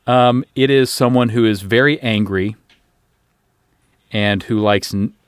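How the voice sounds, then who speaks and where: A man on a comedy improv panel, spinning absurd ideas with deadpan delivery. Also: fairly low pitch, measured pace, smooth, no echo, studio quality.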